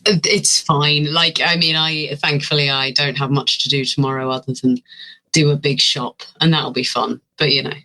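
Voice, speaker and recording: British actor guest, bright voice, rambly and a bit self-deprecating, casual chat. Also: mid-range voice, level tone, normal speed, low-quality recording. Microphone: remote call.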